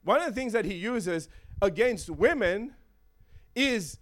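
High, lively, playful male preacher. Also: a little slow. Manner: playful, chuckles often, checks in with the audience. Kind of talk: sermon.

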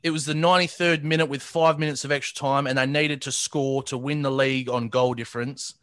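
A man's voice: mid-range voice, fairly even intonation, fairly quick, a bit bright, clear, resonant tone, no echo. A man, co-hosting a casual sports chat and building to emphatic peaks. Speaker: podcast co-host.

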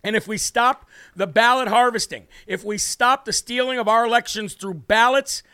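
A man's voice: very high-pitched, normal speed, bright, forceful tone, clean tone, no room sound, studio quality. A man from the United States hosting a political livestream in a brash, emphatic way, reading out viewer comments and hammering key words. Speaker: host of a political livestream show. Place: home studio with a city view behind him.

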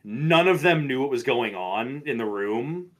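Profane, animated man in his twenties. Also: medium pitch, measured pace. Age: 20s. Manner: profane, animated, mimics people in stories. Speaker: podcast co-host. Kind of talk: casual storytelling chat.

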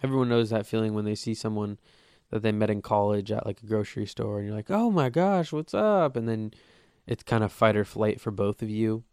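A man's voice: lowish voice, monotone, a little fast, warm tone, clean tone, no echo, clean studio sound. A young man hosting his own podcast, rambling casually and swearing, joking at his own expense. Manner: rambling, profane, self-mocking. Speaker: podcast host. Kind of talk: casual solo podcast monologue.

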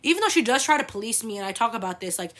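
A young woman from the United States tells family stories in her own show. Her voice sits a little high and sounds bright and forceful. She chats loosely, swears freely and fills gaps with "like" and "um". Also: lively intonation, rapid-fire. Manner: chatty, swears freely, lots of fillers. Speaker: host. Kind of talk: casual storytelling monologue.

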